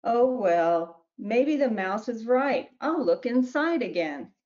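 A woman's voice: on the high side, expressive, slow pace, darkish tone, highs cut off. A woman voicing Mary, who politely asks each animal she meets whether it has seen her lost cat. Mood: weary. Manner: asks each creature the same question politely.

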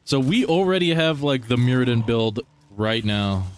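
A young man giving casual gameplay commentary as he plays, excitable, swearing often and talking to his viewers. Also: medium pitch, normal speed, faint music behind. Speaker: gaming streamer.

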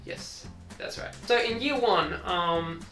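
A woman's voice: on the low side, slow, bright, forceful tone. A woman vlogger telling a crude, rambling childhood story and slipping into character voices. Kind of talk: casual storytelling. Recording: echoey room, distant mic, faint music.

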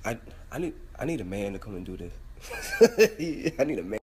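A young man filming himself on his phone at home, panicky and swearing, swinging from hushed whispers to high yelps. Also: expressive, very fast. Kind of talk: selfie video vlog. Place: indoors at home. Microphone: phone camera.

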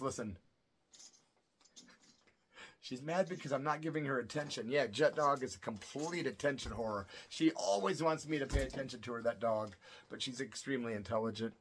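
A man's voice: medium pitch, slight background noise. A middle-aged man casually telling a personal story at home, loose and emphatic, full of slang and asides like "man" and "folks". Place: home at night.

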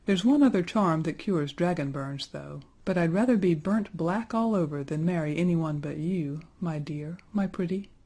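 A woman's voice: lowish voice, normal speed, hardly any pauses, mellow. A woman reading as a brave, modest young hero. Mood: earnest.

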